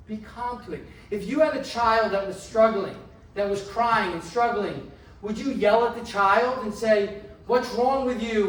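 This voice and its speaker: Emphatic man speaking in an echoey room. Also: high voice. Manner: emphatic, asks the audience questions, slows down on key phrases. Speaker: chiropractor giving a community talk. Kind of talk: motivational health talk to a live audience. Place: indoor event room. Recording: roomy echo, mic from a distance, faint background noise.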